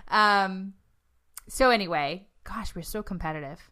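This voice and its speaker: A woman's voice: mid-range voice, measured pace, pushed and bright, clean tone. A middle-aged woman with a Boston accent co-hosting a casual podcast, laughing often and tripping over her words. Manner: giggly, self-teasing, stumbles over words. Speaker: podcast co-host. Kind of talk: casual chat.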